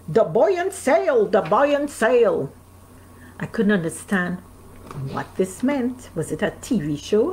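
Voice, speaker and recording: In a low-quality recording with a bit of hiss or hum, a North American woman reads her own memoir aloud at home while streaming live. Her voice is mid-range, and she interrupts the reading from time to time to talk with the people listening.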